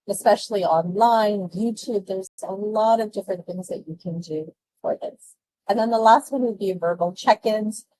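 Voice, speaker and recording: A woman presenting speaking tips in an online webinar, lively and chatty, laughing often as she talks with her hands. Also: a little high, no echo, low-quality recording. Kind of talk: presenting test-prep tips to an online audience.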